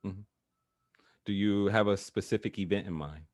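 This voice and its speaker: A man's voice: lowish voice, fairly even intonation, normal speed, no room sound, studio quality. A man working as a coach who talks in a casual, chatty way, with filler words and frequent laughs, over a video call. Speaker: NLP trainer, guest.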